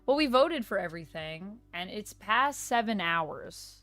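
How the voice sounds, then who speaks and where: Animated woman streamer chatting. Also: mid-range voice, a little slow, dry recording. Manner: animated, voice leaps up on surprised questions. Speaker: live streamer, host. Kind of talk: casual live-stream chat, answering chat. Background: faint lo-fi music.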